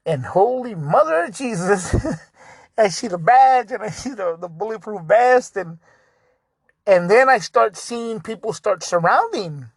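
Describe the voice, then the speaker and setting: A man's voice: sits high, lively intonation, a little slow, slightly rough, no room sound. A man hosting a podcast, telling a story in a loose, laid-back way, full of "dude" and "like" and frequent laughter. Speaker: podcast host. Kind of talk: casual storytelling.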